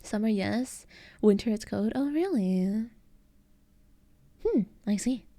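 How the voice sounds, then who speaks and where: Mellow-voiced giggly American streamer woman. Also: mid-range voice, lively intonation, slow, dry recording. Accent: Eastern American. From United States. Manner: giggly, chatty, answers chat messages. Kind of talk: casual chat with live chat.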